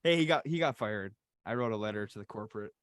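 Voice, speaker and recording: A man's voice: fairly low pitch, expressive, fast talker, no room sound, clean studio sound. A young man with an Upper Peninsula Michigan accent telling a story animatedly, swearing often, as a podcast co-host. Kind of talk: casual storytelling.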